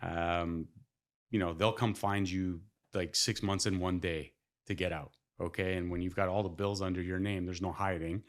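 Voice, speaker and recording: A man from Canada, a podcast guest, telling stories in a loose, animated way with lots of laughing and swearing. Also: low voice, moderate pace. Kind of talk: casual podcast storytelling.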